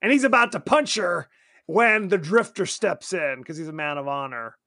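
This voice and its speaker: A man's voice: high-pitched, normal speed, dry recording, clean studio sound. A man co-hosting a podcast, chatting casually about a film and acting out the characters' lines. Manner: animated, acts out characters in quoted voices. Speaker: podcast co-host. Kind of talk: casual movie review chat.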